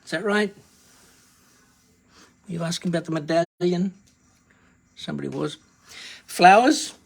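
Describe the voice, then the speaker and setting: Woman chatting to viewers on a live sale, low breathy voice, rambly. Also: unhurried. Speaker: crystal seller on a live stream. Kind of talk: casual live-stream selling.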